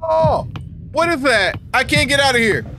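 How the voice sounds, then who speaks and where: A man's voice: very high-pitched, sing-song, normal speed, noisy background. Jumpy young man playing horror game. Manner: jumpy, swears, slangy reactions. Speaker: gaming YouTuber. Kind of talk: horror let's play commentary. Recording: game music behind voice.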